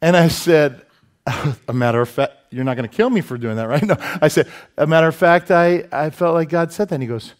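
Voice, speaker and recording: A male pastor preaching a sermon, telling stories with lively asides and self-deprecating humor. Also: fairly high pitch, fairly quick. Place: church sanctuary.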